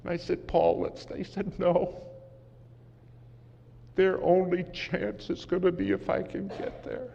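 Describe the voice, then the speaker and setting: A man preaching a sermon as a story, dramatic and swinging from loud to hushed, recorded in a large conference hall. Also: sits high, level tone, slow, gravelly, pauses often. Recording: muffled hall recording with faint hiss.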